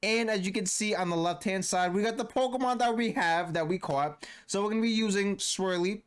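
A man's voice: high-pitched, brisk, smooth. A young man giving casual, slang-heavy commentary on a game he is playing. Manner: casual, playful slang, voices characters in fun. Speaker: gaming YouTuber.

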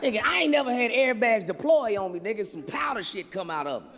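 A man's voice: high-pitched, quick pace. A man performing stand-up comedy, telling a profane story and acting out the people in it. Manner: profane, animated, acts out characters. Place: theater stage before a laughing audience. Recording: live hall with long reverb, faint noise.

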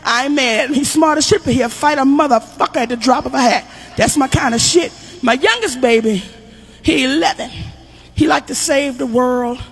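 A woman's voice: sits high, moderate pace, slight background noise. Brash, profane woman doing stand-up. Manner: loud, brash, profane storytelling with acted-out quotes. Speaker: stand-up comedian. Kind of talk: stand-up storytelling.

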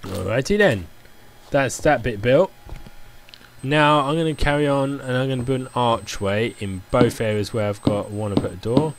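A gameplay commentator with a medium-pitched voice rambles casually at normal speed while building in a game, chatty and leaning heavily on "like." A little hiss or hum runs under the recording.

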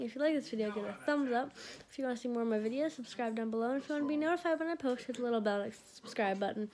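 A woman's voice: on the high side, very fast, a little mellow. A young woman vlogging casually, whiny and complaining, talking with a sore mouth from new braces. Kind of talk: casual vlog talk to camera.

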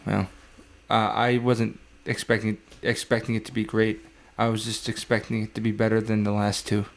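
Low-voiced man, hesitant podcast co-host. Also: little pitch movement. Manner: measured, with frequent "uh" and "um" pauses. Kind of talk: casual chat.

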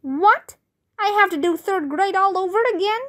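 A woman's voice: very high-pitched, big pitch swings, unhurried, pitched above the performer's own voice, exaggerated voice. Woman doing a whiny protesting schoolboy. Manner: loud protesting outbursts. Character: mischievous young boy, whiny and dramatic.

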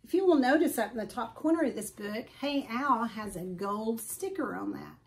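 A teacher reading a picture book aloud from home, talking directly to children in a friendly way. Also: female voice, on the high side, lively intonation, moderate pace, creaky. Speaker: third grade teacher.

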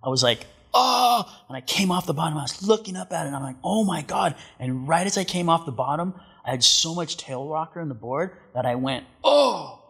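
Laid-back husky-voiced man telling stories. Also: on the high side, quick pace, few pauses, fairly bright tone. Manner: laid-back, swears a lot, acts out quotes. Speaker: podcast guest, pro surfer. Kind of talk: casual storytelling. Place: studio.

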